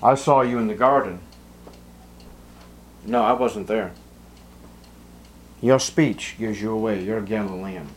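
A man preaching a sermon, acting out Bible scenes with sudden jumps in pitch and volume. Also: measured pace, long pauses, a little hiss or hum. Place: church.

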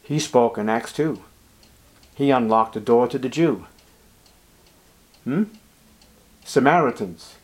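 A man preaching a sermon, acting out Bible scenes with sudden jumps in pitch and volume. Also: slow pace, pauses often. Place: church.

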